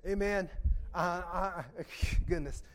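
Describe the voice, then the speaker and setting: High-voiced preacher man calling for amens. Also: steady tone, slow pace. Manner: call-and-response, asks the congregation for amens; swings between soft, low asides and loud emphatic peaks. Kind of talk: sermon. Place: church sanctuary. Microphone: PA microphone.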